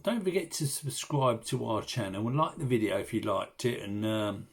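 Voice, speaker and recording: A man's voice: lowish voice, expressive, normal speed, vocal fry, slightly rough. A middle-aged man telling a rambling, sweary fishing anecdote to camera in a casual way. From England. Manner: swears freely, rambling anecdotal delivery with restarts. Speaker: fishing channel host.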